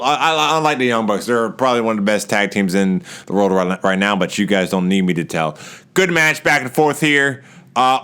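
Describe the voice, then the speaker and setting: A man giving a casual wrestling show recap, animated, often laughing and acting out wrestlers' lines in raised voices. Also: mid-range voice, clean tone.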